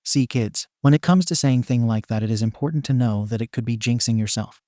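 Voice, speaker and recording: A man's voice: mid-range voice, a little fast, mellow, dry recording, clean studio sound. A man narrating a comic story in a wry, playful way.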